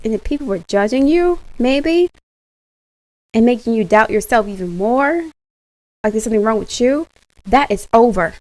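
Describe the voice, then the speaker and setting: A woman giving a casual tarot reading straight to her viewers, animated and slangy, laughing often. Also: a little high, poor audio. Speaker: tarot reader.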